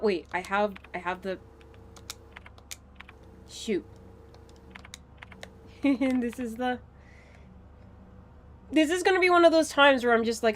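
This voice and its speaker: Woman, game streamer, unhurried delivery, goofy running jokes, casual swearing, faint background noise. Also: on the high side. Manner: rambling, joking, swears and laughs a lot. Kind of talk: casual live-stream commentary while playing.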